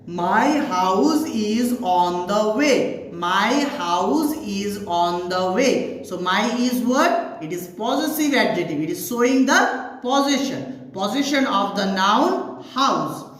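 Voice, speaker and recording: Slow, lively woman teaching grammar, echoey. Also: a little high. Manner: asks questions and answers them herself, repeating each example. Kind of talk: classroom-style grammar lesson. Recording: very echoey room.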